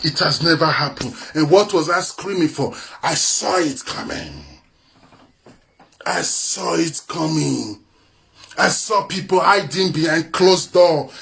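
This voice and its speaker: A man's voice: sits high, a bit bright. A Nigerian man with an Edo accent, delivering an impassioned, scornful live-video rant that slips into Pidgin. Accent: Nigerian, Benin (Edo). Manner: mocks others in put-on quoted voices. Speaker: social media commentator.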